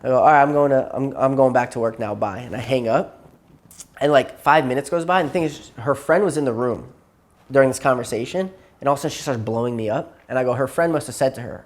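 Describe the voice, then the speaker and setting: A man's voice: mid-range voice, quick pace. A man telling a long story to his therapist, rambling and repeating himself, tired and burnt out. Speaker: client in therapy session.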